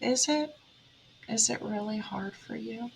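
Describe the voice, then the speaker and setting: A woman's voice: fairly high pitch, a little slow, creaky, slight background noise, poor audio. A woman, a tarot reader giving an earnest, emotional motivational monologue straight to her viewers. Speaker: tarot reader and spiritual vlogger.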